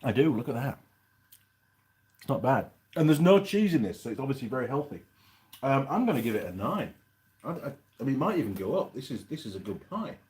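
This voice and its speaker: A man hosting a casual live stream reviews a pie, chatting in a rambling way as he eats. His medium-pitched voice is very animated, brisk, and a little mellow.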